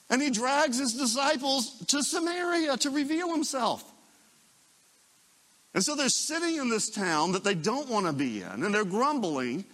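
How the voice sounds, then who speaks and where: A man preaching a sermon as a pastor, telling the story dramatically and dropping into hushed asides. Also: very high-pitched, long reverb tail.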